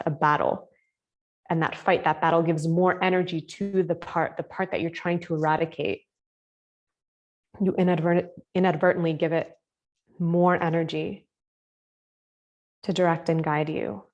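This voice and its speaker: Her voice sits a bit low as she teaches a spiritual class in a live online masterclass held over a video call. She keeps a gentle, casual tone and frequently relies on fillers.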